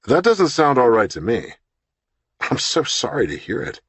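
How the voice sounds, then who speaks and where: A man's voice: medium pitch, huge pitch swings, moderate pace, a bit bright, husky, no echo, pitched above the performer's own voice, full character voice. Man playing a brusque, wry attorney. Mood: serious. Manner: brusque, then concerned and probing. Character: brisk, wry male attorney.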